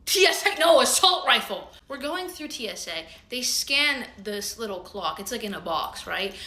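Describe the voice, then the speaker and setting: A young woman with a slightly high voice tells a story straight to camera. Her talk is loose and slangy, full of swearing, and she acts out what other people said. The sound carries a noticeable roomy echo. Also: big pitch swings, moderate pace, bright, forceful tone. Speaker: vlogger.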